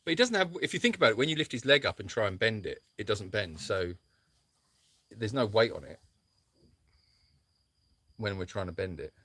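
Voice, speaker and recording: Man, live stream co-host, jokey and rambling, lively swooping voice. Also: lowish voice, normal speed, pauses often, husky. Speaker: animal sanctuary co-host. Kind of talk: casual live-stream chat. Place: animal sanctuary.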